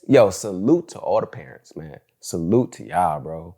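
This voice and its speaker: A man's voice: deep voice, expressive, moderate pace, vocal fry, hardly any pauses, dark tone, husky. A young man hosting a solo podcast, talking casually and candidly in slangy storytelling, with "bro" and "like" all through his speech. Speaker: podcast host.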